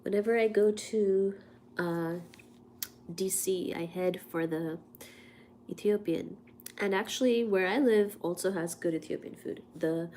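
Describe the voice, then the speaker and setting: Casting: congested woman with a cold, unhurried, chatty livestream host, faint hum behind. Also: mid-range voice, warm tone. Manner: chatty, laughs at herself, coughs between lines. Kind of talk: casual livestream chat.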